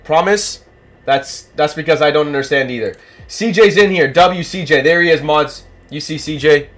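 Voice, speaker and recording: A livestream host who is losing his voice, calling a giveaway race with animated, rapid play-by-play. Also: fairly high pitch. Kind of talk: excited duck-race commentary on a livestream.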